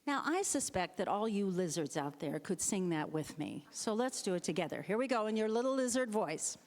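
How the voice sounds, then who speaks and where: Animated female storyteller for children, in a reverberant sanctuary. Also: medium pitch, fairly quick. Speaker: storyteller, board president. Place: church sanctuary. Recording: long hall reverb.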